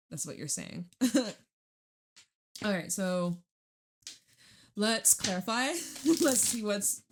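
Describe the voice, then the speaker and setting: A young woman giving a casual tarot reading, rambling and laughing, swearing freely as she talks. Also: fairly low pitch. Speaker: tarot reader.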